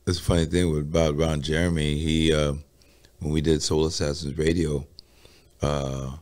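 Low-voiced man telling a laid-back story. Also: flat delivery, normal speed, a little mellow. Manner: easygoing, swears freely. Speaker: podcast guest. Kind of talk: casual storytelling chat.

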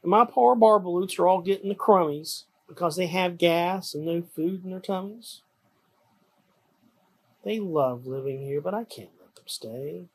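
A reader voicing a grumpy old male forest creature, croaking and scolding in a storybook read-aloud. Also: medium pitch, unhurried. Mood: stern. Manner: scolding, indignant.

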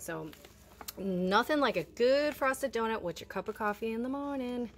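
A woman's voice: fairly high pitch, lively intonation, moderate pace. A woman, chatting casually to viewers as she unpacks her grocery haul at home, a little out of breath. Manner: chatty, addresses viewers as you guys. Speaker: vlogger showing a grocery haul. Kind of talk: casual talk to camera.

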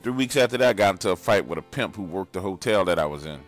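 Deep-voiced weary man over faint music. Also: animated, fast talker. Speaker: storyteller recounting an encounter. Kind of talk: scripted first-person horror narration.

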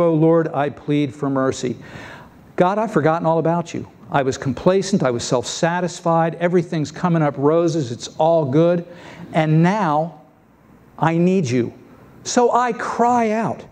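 A man preaching a sermon as pastor, lively and acting out the voices of biblical figures. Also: fairly high pitch. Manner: lively, acts out scripture voices. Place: church sanctuary.

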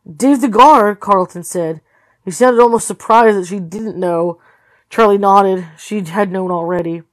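A woman reading a novel aloud as a tired read-along host, steady with occasional slips and corrections. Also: mid-range voice, unhurried, no room sound. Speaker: storybook reader.

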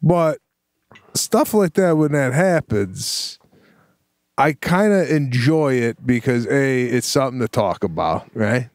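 Lively-voiced man with a dry studio sound. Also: medium pitch, dry recording. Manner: emphatic, drawn-out storytelling with frequent "right?". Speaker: podcast co-host. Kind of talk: casual chat.

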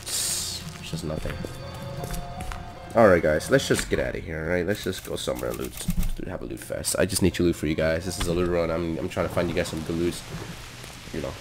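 A man's voice: low-pitched, a little fast, gravelly, over music. A man casually narrating his game to viewers, easily startled and talking to himself as he loots. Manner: excitable, talks to viewers, jumpy outbursts. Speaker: gaming YouTuber. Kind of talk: casual let's-play commentary. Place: hot home room.

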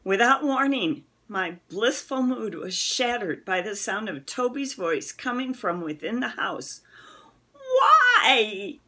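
A woman reading a children's novel aloud, expressive and giving the characters their own voices. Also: medium pitch, unhurried, hardly any pauses. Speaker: reader.

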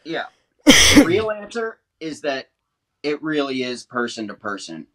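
A man's voice: medium pitch, very animated, measured pace, over a noisy crowd. A man co-hosting a talk show, chatting casually and explaining with rising emphasis. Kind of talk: casual chat.

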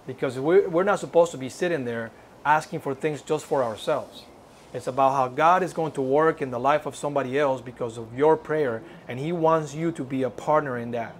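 A man's voice: medium pitch, brisk, slight background noise. A man telling a personal testimony at a church service, reenacting the dialogue and urging listeners on earnestly. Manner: earnest, exhorting. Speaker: church speaker giving a testimony.

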